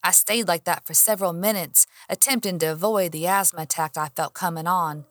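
A woman reading a first-person audiobook in an expressive way, acting out her own heated lines. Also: fairly low pitch, a little fast, no room sound, clean studio sound. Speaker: audiobook narrator.

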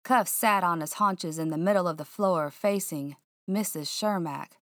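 A woman narrating a first-person mystery audiobook in a hushed, suspenseful, drawling way. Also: lowish voice, unhurried, no room sound, studio quality.

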